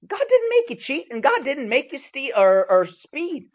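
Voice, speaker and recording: A man preaching a sermon, telling stories with lively bursts of loudness and sudden drops. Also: very high voice, measured pace, lo-fi sound. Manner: animated storytelling with sharp swings in loudness.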